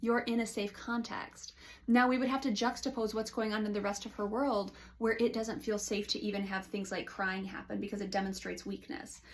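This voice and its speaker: Gravelly-voiced woman counselor. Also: medium pitch. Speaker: licensed counselor. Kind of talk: casual talk to camera. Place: counseling office.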